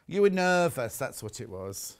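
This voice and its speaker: A man's voice: medium pitch, big pitch swings, moderate pace. A middle-aged man presenting fabrics on a live shopping show, chatty and teasing. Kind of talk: live sales presentation with chat.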